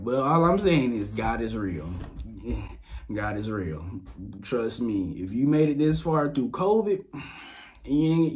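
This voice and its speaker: A young man from Louisiana hosting a podcast, sharing a casual personal testimony, animated and laughing often as he talks straight to his listeners. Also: mid-range voice. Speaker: podcast host. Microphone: dynamic mic on boom arm.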